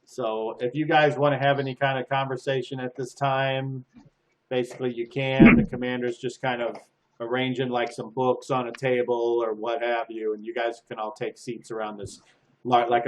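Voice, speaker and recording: A man's voice: mid-range voice, level tone, moderate pace. A man narrating a tabletop game from home as game master, loose and rambling.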